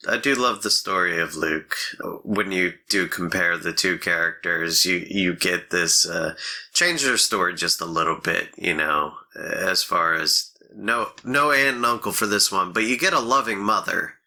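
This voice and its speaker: A man with a fairly low but very bright voice, co-hosting a podcast. He talks casually in a storytelling way, laughing between phrases. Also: measured pace. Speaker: podcast co-host. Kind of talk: casual chat.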